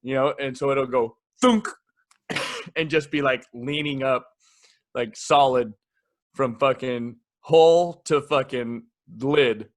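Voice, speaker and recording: A man co-hosting a podcast, rambling through crude jokes with halting speech. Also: mid-range voice. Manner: rambling, halting, many "like" fillers, crude humor. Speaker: podcast co-host. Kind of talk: crude casual chat.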